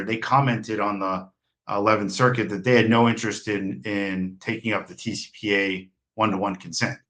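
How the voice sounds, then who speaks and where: A man speaking as a consultant guest on a webinar, giving unscripted expert answers with many fillers, restarts and pauses. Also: lowish voice, fairly bright tone.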